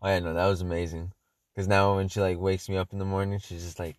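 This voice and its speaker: Laid back guy, kinda low voice, says like and you know a lot, dry mic. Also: quick pace, no echo. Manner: relaxed, easygoing, heavy on "like" and "you know". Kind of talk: casual chat.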